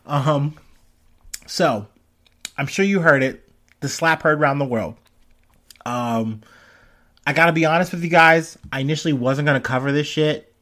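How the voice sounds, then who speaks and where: A man's voice: a little high, normal speed, long pauses, a bit bright. A young man hosting a casual news commentary, rambling with lots of fillers and frequent swearing. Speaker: commentary host.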